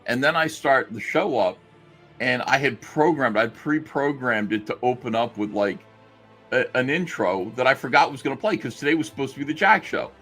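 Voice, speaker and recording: A man's voice: medium pitch, lively intonation, moderate pace, sharp tone, slightly rough, faint music behind. A man on a livestream telling a story in a rambling, sarcastic way and acting out the lines he quotes. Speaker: streamer recounting a story.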